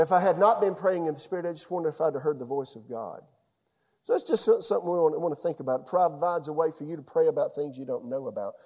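Middle-aged man preaching, storytelling pastor, slightly raised pitch, dark mellow tone. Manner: storytelling, asks the congregation questions. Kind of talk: sermon.

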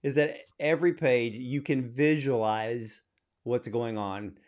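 A medium-pitched man hosts a podcast and asks his guests questions in a loose, conversational way. He often restarts his sentences before arriving at the point. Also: measured pace, a little mellow. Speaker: podcast host. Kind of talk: casual interview.

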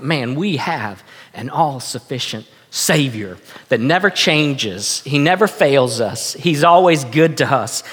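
A man preaching a sermon as pastor, earnest and halting, repeating himself with many fillers. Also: a little high, a bit bright. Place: church sanctuary. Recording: echoey hall.

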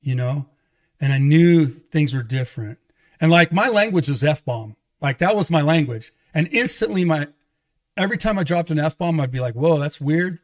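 A middle-aged man, an evangelist, telling his life story in casual conversation, animated and acting out quoted dialogue. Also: fairly high pitch, normal speed. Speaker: guest, evangelist and pastor.

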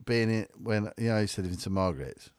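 A middle-aged man, chatting casually and telling animated stories. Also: lowish voice, fast, clear, resonant tone, no room sound, studio quality. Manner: animated storyteller, puts on American voices. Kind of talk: casual chat.

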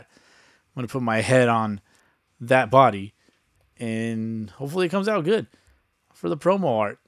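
A man's voice: lowish voice, dry recording, studio quality. Profane, rambling man hosting a podcast. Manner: loose, profane, rambling with many fillers. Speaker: podcast host. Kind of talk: casual solo podcast chat.

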